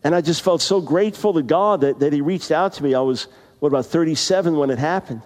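A man around sixty preaching a sermon, telling stories and then reading scripture slowly with heavy emphasis. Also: fairly high pitch, darkish tone. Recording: long reverb of a large hall.

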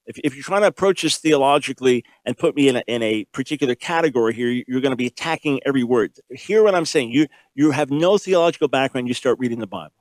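Male preacher, mid-pitched, emphatic, rhetorical, drives points home by repetition; dry close mic. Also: animated, fast talker, hardly any pauses, no room sound. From grew up in a Jewish home. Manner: emphatic, repetitive, rhetorical questions, shifting pace. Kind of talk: sermon teaching.

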